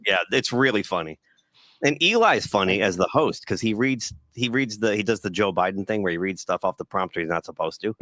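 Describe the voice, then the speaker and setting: A man co-hosting a casual sports talk show, telling stories with animated quoted voices. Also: on the low side, fairly quick, no room sound. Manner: animated storyteller, acts out quotes. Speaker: podcast co-host.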